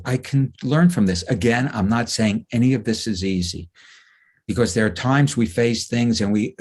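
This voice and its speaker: This is a male clinical psychologist with a husky, mid-range voice, invited as a guest speaker for a webinar. He tells lots of anecdotes in a lively way and acts out the quotes as he goes.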